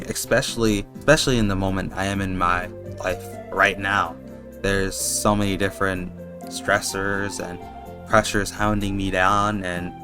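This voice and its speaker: A man's voice: low-pitched, a bit bright. A young man rambling casually in a vlog, slangy and swearing, calling his viewers bro. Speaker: video essayist.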